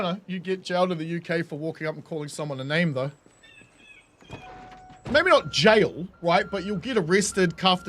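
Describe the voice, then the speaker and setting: A New Zealand man talks over his game stream in a high, lively voice, laughing often and swearing freely as he rants to chat. The recording carries a clear layer of background noise. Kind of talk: casual live-stream chat.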